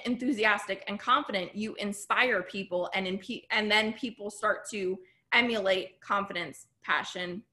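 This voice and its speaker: Bright bubbly woman coaching her team. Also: a little high. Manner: bubbly, chatty, lots of "like" and "right?". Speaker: business coach. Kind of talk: team training on a video call. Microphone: video call.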